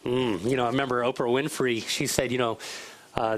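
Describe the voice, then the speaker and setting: A man co-hosting a faith talk show in earnest, fast bursts, repeating his points. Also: mid-range voice, little pitch movement, low-quality recording. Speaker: co-host. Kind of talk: casual talk show chat, preachy.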